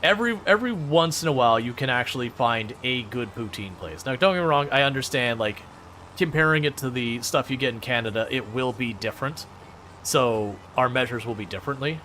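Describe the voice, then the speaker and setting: Bright-voiced chatty man streaming games. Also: mid-range voice, lively intonation, brisk, slight background noise. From Michigan, United States. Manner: chatty, joking, laughs often, many restarts. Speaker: gaming streamer. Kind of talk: casual live-stream chat with viewers.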